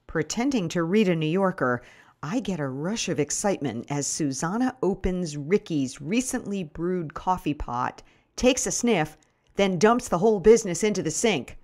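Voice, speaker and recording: A woman's voice: on the low side, normal speed. Wry middle-aged woman narrating. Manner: wry, deadpan storytelling. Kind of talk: first-person memoir reading.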